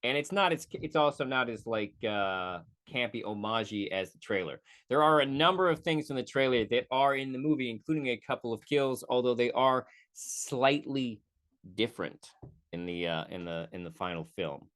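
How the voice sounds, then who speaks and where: A man's voice: mid-range voice, animated, fairly bright tone. Rambling man reviewing a movie. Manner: rambling, self-correcting, quick mock voices; profane asides. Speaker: podcast host. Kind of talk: casual solo movie review.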